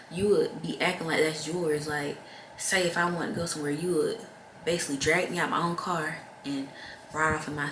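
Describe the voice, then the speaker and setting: A woman's voice: deep voice, a bit bright, a little hiss or hum. A young woman vlogger speaking frankly and heavily to her viewers, telling a personal story straight to camera. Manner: frank, heavy-hearted, addresses viewers directly. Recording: roomy echo with faint ambience.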